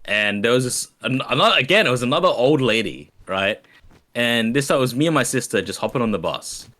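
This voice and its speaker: A young Australian man, a nurse, chatting while gaming and telling animated stories with lots of laughter. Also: mid-range voice, fairly quick. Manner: animated storyteller, laughs often, voices quoted people. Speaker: nurse, guest player. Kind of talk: casual gaming chat storytelling.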